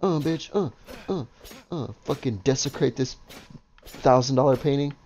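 A man playing a video game and commenting casually, excitable and swearing a lot as he talks to his viewers. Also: medium pitch, moderate pace. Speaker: gaming video host. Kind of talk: casual let's-play commentary.

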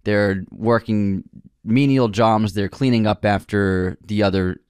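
A man's voice: on the low side, fairly even intonation, measured pace, darkish tone, smooth, no room sound. Man, podcast co-host, earnest, stumbles, dry close mic. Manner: earnest, stumbles over words. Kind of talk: casual film discussion.

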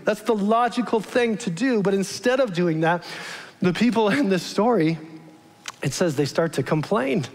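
In a large church with long hall reverb, a male pastor delivers a casual, conversational sermon and keeps asking his congregation questions. His voice sits high and sounds animated, at a normal speed.

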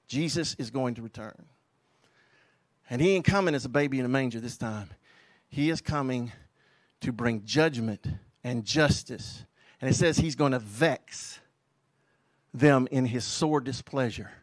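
A man preaching a fiery, emphatic sermon as a pastor and quoting scripture forcefully. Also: mid-range voice, no room sound.

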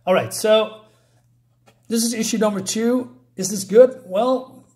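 A man's voice: sits high, unhurried, darkish tone. A man casually recapping and reviewing a comic book, rambling with frequent fillers and self-corrections.

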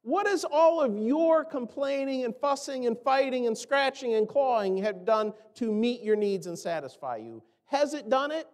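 High-voiced American preacher in a reverberant church. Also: male voice, moderate pace, few pauses. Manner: animated preaching, mocking voices for complainers. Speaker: pastor. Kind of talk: sermon. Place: church sanctuary.

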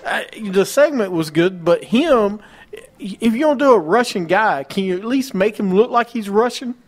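A man's voice: sits high, animated, normal speed. A man co-hosting a casual wrestling talk show, rattling off match cards and ranting with mocking disbelief. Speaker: podcast co-host.

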